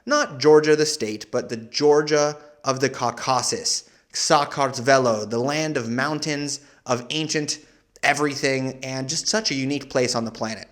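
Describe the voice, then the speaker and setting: A man's voice: medium pitch, normal speed. A young man hosting a travel video, talking casually and with enthusiasm. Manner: energetic, casual, chatty with fillers. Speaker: travel vlogger. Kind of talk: enthusiastic travel guide talk.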